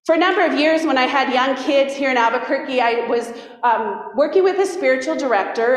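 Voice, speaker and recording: A middle-aged woman pastor preaching a sermon in a conversational, warm way with self-deprecating asides. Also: high-pitched. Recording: very echoey hall, long reverb.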